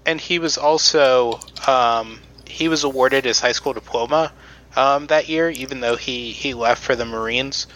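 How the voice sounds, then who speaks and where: A man's voice: mid-range voice, a little slow, fairly bright tone, low-quality recording. A man on a podcast presenting research in casual chat, with many ums and restarts.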